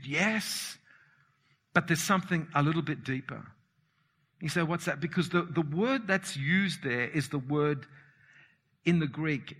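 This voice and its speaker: A man preaching a fervent, emphatic sermon as pastor, swinging between shouts and quiet asides. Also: sits high, husky. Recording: long reverb of a hall.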